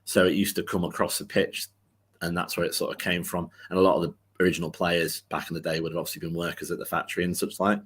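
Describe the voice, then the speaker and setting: A man's voice: deep voice, little pitch movement, quick pace, fairly bright tone, slightly rough. A man co-hosting a football podcast, telling a long rambling anecdote in casual chat, full of fillers and restarts.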